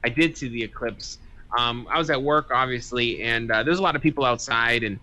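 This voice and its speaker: A man's voice: mid-range voice, a little fast, sharp tone. A man with a Boston accent, co-hosting a podcast in casual, profane, joking banter that sounds slightly angry. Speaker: podcast co-host.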